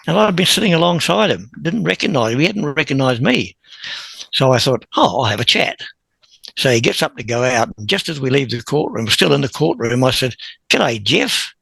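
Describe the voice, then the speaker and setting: A man, a podcast guest telling a long story in a lively, chuckling way. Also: medium pitch, brisk, no room sound, rough recording. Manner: animated anecdote-teller who chuckles and clears his throat. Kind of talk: conversational storytelling.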